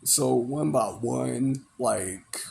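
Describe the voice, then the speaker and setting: A man's voice: mid-range voice, extremely slow, gravelly, a little mellow. A man recapping a movie in a casual, rambling way, full of "you know" and "like". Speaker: movie reviewer.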